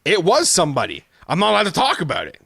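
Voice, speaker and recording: A man's voice: high-pitched, huge pitch swings, quick pace, vocal fry, fairly bright tone, slightly rough, no echo. A man co-hosting a podcast in casual chat, rambling through stories and swearing freely. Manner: rambling storyteller, swears, restarts. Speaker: podcast co-host.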